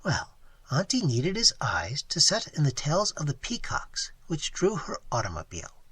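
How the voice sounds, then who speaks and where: A bright, earnest young waitress, as a reader puts her on in a storybook reading, lively in pitch and husky in tone. She tells her tale plainly and with conviction. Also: moderate pace, heavily acted. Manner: lively, matter-of-fact storytelling.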